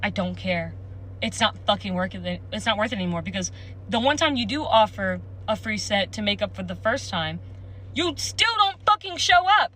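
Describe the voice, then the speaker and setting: Irate woman ranting with bright voice. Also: medium pitch, fairly quick, poor audio. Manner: irate, heavy swearing. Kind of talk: angry rant to camera.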